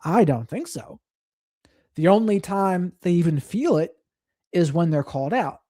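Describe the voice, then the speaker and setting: A man hosts a live stream, thinking aloud about a clip and reading out viewer comments. His voice is mellow and dark, and it sounds dry and close to the mic. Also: high voice, lively intonation, a little slow, no echo. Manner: reflective, reads chat and thanks viewers. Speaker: host of a live stream reacting to clips.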